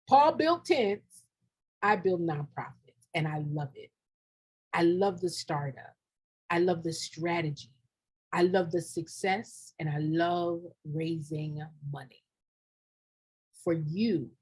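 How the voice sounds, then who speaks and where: A woman's voice: on the low side, a little mellow, husky. A middle-aged woman who coaches nonprofits, talking live to her audience in a direct, preachy way, repeating lines for emphasis and saying y'all and ain't. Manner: colloquial, says y'all and ain't. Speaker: nonprofit grant consultant. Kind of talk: live-streamed motivational talk.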